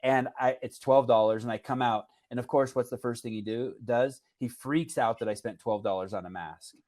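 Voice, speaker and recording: Animated, rambling man. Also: medium pitch, moderate pace. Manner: animated, rambling with restarts and fillers. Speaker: podcast host. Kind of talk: casual storytelling chat.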